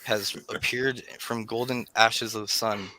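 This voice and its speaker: A man's voice: fairly low pitch, steady tone, takes it slowly, pushed and bright, low-quality recording. A man running a tabletop game as game master, narrating scenes and speaking for deities. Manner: describes scenes at length, voices deities in quotes.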